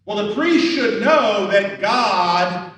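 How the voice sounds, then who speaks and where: A man's voice: sits high, expressive, takes it slowly, fairly bright tone. A man preaching a sermon as pastor, talking conversationally and acting out the questions and lines of the people in his story. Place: church sanctuary. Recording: roomy church hall from a distance.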